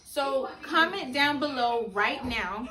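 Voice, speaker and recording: A woman with a high, bright-sounding voice talks loudly and with excitement to her vlog audience. She gushes and coos, slipping into baby talk as she chats away in a casual home video. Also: takes it slowly, crowd noise. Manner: gushing, animated, talks loudly. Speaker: vlogger and new mother.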